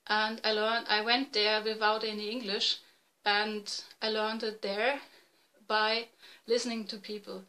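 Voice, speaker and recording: German lady in her 40s chatting on her podcast, bright voice, stops and fixes her english a lot. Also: medium pitch, poor audio. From East Germany. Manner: halting, self-correcting non-native English. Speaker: podcast host. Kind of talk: casual video podcast chat. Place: home room, dim light.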